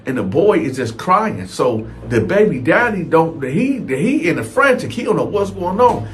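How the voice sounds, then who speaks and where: A man's voice: on the high side, big pitch swings, moderate pace, slight background noise. Slangy, chatty male storyteller. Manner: conversational, slangy, addresses listeners as y'all. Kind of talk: casual storytime narration.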